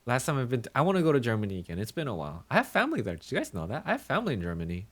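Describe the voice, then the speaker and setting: A man's voice: mid-range voice, huge pitch swings, racing. A male streamer chatting casually with his viewers, playful and teasing in mock-villain banter.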